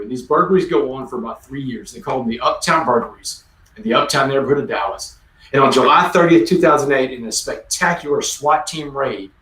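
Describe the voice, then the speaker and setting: A man's voice: mid-range voice, fairly bright tone. Earnest man, roomy distant sound. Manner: earnest, emphatic storyteller. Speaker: guest speaker. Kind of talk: conversational storytelling.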